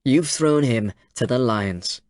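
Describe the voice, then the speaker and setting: A man's voice: mid-range voice, animated, takes it slowly, dry recording, studio quality. A man voicing a sardonic journalist. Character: sharp, skeptical male journalist. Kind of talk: audiobook character voice.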